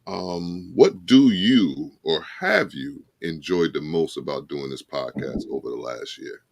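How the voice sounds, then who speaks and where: A man's voice: rumbling low, expressive, unhurried, creaky, no echo. A man co-hosting a podcast in a casual, reflective and somber way, often repeating his phrases. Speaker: podcast co-host.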